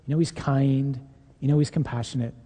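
A preacher doing the devil as a male tempter, coaxing and mocking by turns. The voice is dark and husky. A long reverb trails behind it as if in a big hall. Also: mid-range voice, steady tone, brisk, natural voice. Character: the devil, male tempter, sweet-talking yet accusing.

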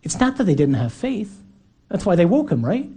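A male preacher delivering an earnest, emphatic sermon. His voice sits fairly high but sounds mellow, with a husky grain. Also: sing-song, moderate pace. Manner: earnest, emphatic, acts out quotes.

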